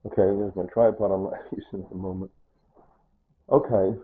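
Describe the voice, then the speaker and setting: An older man walks through his small home in a casual, rambling tour. His voice sits low with a husky edge. The sound is thin and phone-like. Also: flat delivery, normal speed. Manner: rambling, points things out with "see" and "right?". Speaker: vlogger giving a home tour. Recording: tinny phone-like audio.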